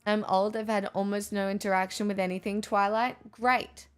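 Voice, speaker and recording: A woman's voice: medium pitch, level tone, normal speed, smooth, faint music behind. A woman live streaming in casual chat, sarcastic and ranting, often breaking into laughter.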